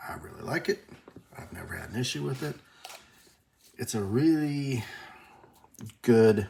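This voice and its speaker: A man's voice: medium pitch, lively intonation, unhurried, gravelly, mellow, a little hiss or hum. A man hosting a casual workshop video, talking through his work at a bench with dry, self-deprecating asides and muttered remarks. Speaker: host. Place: workbench.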